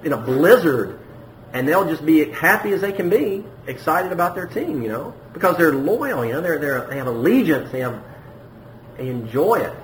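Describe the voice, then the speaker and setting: A man preaching a sermon to his congregation in a conversational way, often repeating himself, climbing to emphatic peaks and dropping low. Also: sing-song, moderate pace. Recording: echoey room with faint background noise.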